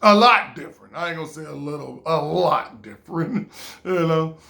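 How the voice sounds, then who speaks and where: A man's voice: on the high side, normal speed, vocal fry, bright, forceful tone. A man from California telling a personal story to camera in a rambling, repetitive way with chuckles. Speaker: vlogger.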